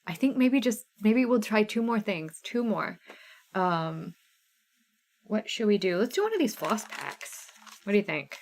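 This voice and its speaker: Woman, Midwestern American accent, 30s, bubbly live-stream host, casual chat, mid-pitched voice. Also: animated, normal speed, slight background noise. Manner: chatty, reads out viewer names, bubbly.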